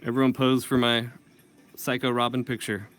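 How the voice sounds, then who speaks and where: A man's voice: medium pitch, level tone, normal speed, fairly bright tone, close to an everyday voice. A man putting on a Scottish voice for a jokey quote from a male artist. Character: Scottish man artist posing drunk friends.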